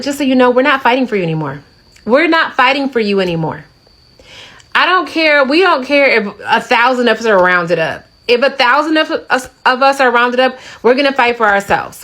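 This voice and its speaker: A woman's voice: medium pitch, poor audio. A woman in a played video clip, ranting casually and indignantly to her viewers, repeating lines for emphasis.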